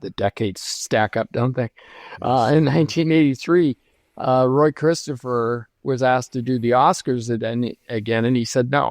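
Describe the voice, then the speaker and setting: A man's voice: medium pitch, darkish tone, dry recording. Older man in his seventies reminiscing. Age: 70s. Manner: reflective, unhurried, with frequent "uh" and restarts. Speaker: lighting designer guest. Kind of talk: conversational interview storytelling.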